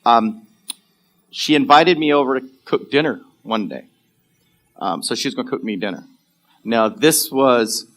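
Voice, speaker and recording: A man preaching in church, telling a personal story in a casual, animated way with frequent fillers and laughs. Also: medium pitch. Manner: animated storyteller, acts out characters, laughs often. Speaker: pastor. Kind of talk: sermon storytelling. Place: church sanctuary.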